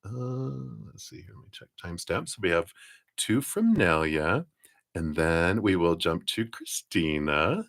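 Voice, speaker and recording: A man giving tarot readings on a live stream, chatty and giggly, laughing often and talking warmly about spirit and love. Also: sits low, lively intonation, measured pace, creaky, dry recording, clean studio sound. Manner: warm, affirming, spiritual talk. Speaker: tarot card reader.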